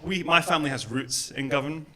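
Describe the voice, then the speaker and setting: A man's voice: a little high, brisk, sharp tone, slight background noise. A man from Glasgow with a mild Glaswegian accent, doing a stand-up comedy set in a club, chatty and self-deprecating with many ums and uhs. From Scotland, Glasgow. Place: comedy club with live audience. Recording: live club set with audience laughter.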